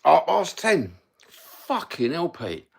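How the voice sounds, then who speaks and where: A man's voice: on the high side, huge pitch swings, extremely slow, gravelly, slightly rough. A man with a Cockney accent hosting a livestream, chatting casually and rambling between topics with plenty of swearing. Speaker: livestream host.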